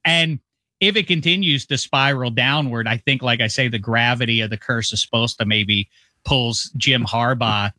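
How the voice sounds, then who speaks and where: A bright, lively man from the Midwest talks sports over a video call. His speech rambles and jumps about, full of restarts and comic asides. The sound is dry and close. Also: mid-range voice, moderate pace, dry recording. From US Midwest, Rust Belt. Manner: rambling, animated, does mock voices. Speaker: football show host, guest.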